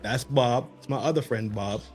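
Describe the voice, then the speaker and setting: A man's voice: mid-range voice, moderate pace, voice pushed down, lightly acted. A man voicing a laid-back grown man who lists off his friends in an offhand, mumbling way.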